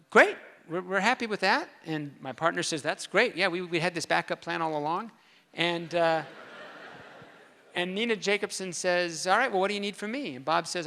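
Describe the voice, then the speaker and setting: Man, comic storyteller on stage, high and bright, hall reverb. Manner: animated, comic storytelling with quoted voices. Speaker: speaker at a convention.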